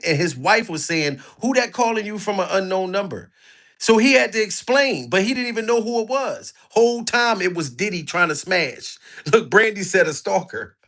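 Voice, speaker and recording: Man, comic reaction vlogger, high-pitched, bright and forceful, mocking, animated. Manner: animated, mocking, begs for likes. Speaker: commentary vlogger.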